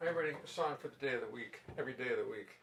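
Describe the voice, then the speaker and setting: A man's voice: medium pitch, very fast, a bit bright, a little hiss or hum. A man hosting a casual live stream from his home music studio, rambling and joking with viewers. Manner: rambling, chatty, jokes to viewers. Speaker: host and musician.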